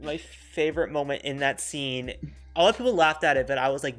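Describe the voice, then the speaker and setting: Bright-voiced man chatting excitedly. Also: mid-range voice, fast talker, faint music behind. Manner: enthusiastic, fills with "like" and "dude". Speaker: podcast co-host. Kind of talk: casual chat.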